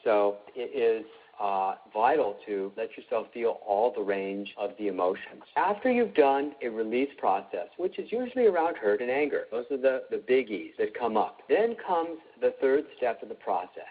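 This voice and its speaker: Calm man teaching over a tinny line. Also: medium pitch, moderate pace, breathy edge. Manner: calm, instructive, repetitive emphasis. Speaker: teacher of an emotional healing class. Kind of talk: live online class talk.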